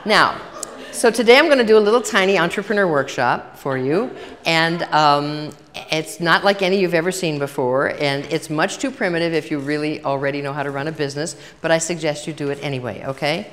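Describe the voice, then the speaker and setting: A deep-voiced older woman with a fairly bright tone speaks briskly at a workshop held in a large hall. Chatty and anecdotal, she acts out each side of the conversations she describes, and the hall's long reverb carries her voice to the audience.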